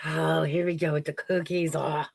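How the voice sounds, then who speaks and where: A woman's voice: low-pitched, flat delivery, normal speed, creaky, a little mellow, breathy edge. A woman co-hosting a casual talk show who laughs often and throws in playful asides. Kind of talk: casual chat.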